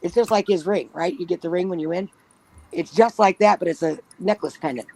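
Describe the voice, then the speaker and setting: A woman's voice: on the low side, fairly quick, a little mellow, no room sound, rough recording. A woman telling a story in casual talk at home, blunt and swearing freely, often giggling. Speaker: panel guest. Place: at home with pets nearby. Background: dog snoring.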